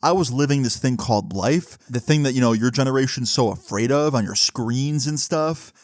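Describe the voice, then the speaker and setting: A man's voice: mid-range voice, normal speed, a little mellow, dry recording, close to an everyday voice. A young man voicing a blunt, overprotective middle-aged father in a storytime retelling, with a stern, lecturing manner.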